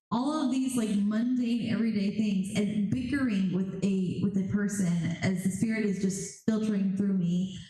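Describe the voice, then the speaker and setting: A woman speaking on a convention panel, telling stories with a mellow, warm voice. She animatedly acts out the spirits and clients she describes. Her voice rings through a large, very echoey hall. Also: mid-range voice, fairly even intonation, moderate pace. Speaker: psychic medium.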